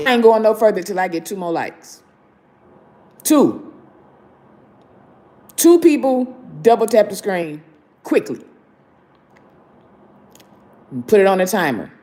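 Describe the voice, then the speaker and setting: A woman hosting a live stream, lying down in pain, speaking slowly and emphatically to her viewers. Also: medium pitch, animated, a little mellow. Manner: slow and emphatic, hyping viewers to like. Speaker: show host.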